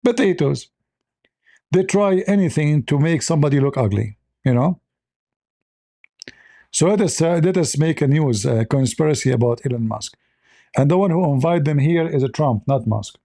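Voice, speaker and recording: Male show host, blunt and mocking, talks in broken English; somewhat high but dark-toned voice. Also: lively intonation, normal speed, long pauses. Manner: sarcastic, blunt, broken grammar. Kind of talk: mocking live commentary.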